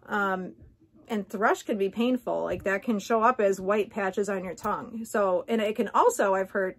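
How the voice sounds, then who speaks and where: A woman vlogger talking casually to her viewers, candid and rambling with many asides. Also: mid-range voice. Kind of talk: casual chat to camera.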